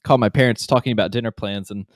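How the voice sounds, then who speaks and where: A man's voice: lowish voice, steady tone, quick pace, dry recording. A man from West Virginia with a mild West Virginia accent, co-hosting a podcast and telling stories in casual chat. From West Virginia, USA. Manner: rambling, storytelling. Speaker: podcast co-host.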